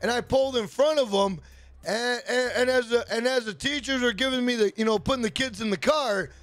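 Male streamer, very high voice, dry close sound, swears constantly, chatty storyteller. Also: a little fast, a bit bright, no room sound. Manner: profane, rambling storyteller greeting chat by name. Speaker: livestream host. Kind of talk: casual livestream chat.

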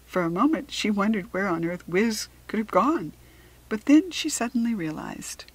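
Softly whispering woman reading a storybook. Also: medium pitch, expressive, normal speed, breathy edge, rough recording. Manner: soft, often whispered narration. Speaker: children's book reader. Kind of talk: read-aloud storybook narration.

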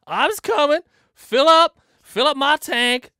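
A man voicing a loud, friendly American man at a gas station with a put-on American accent, exaggerated and high. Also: animated, a little slow, dry recording, studio quality, heavily acted. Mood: brash.

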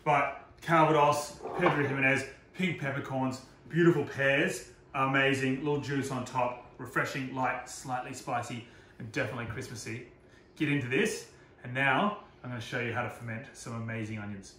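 A man's voice: medium pitch, fairly even intonation, moderate pace. A man, a chef giving a chatty, self-deprecating live cooking demonstration from a kitchen. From Australia. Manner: chatty, self-deprecating, laughs at own slips. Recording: roomy echo, faint noise.

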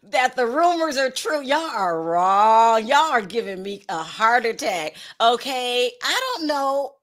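A woman hosting a casual celebrity gossip show, chatty and animated, reading out viewer comments and scolding in drawn-out repeats. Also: high voice.

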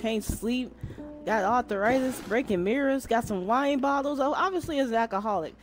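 A woman's voice: fairly high pitch, moderate pace, slight background noise. A woman streamer playing a horror game, jumpy and frightened, swearing and talking back to the game. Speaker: gaming streamer. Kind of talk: horror game let's play. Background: loud game music.

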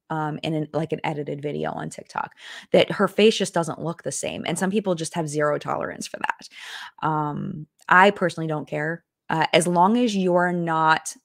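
A woman's voice: deep voice, vocal fry, no echo, clean studio sound. A young adult woman hosting a casual live-stream chat, talking in a chatty, rambling way with lots of fillers and restarts as she answers viewer comments.

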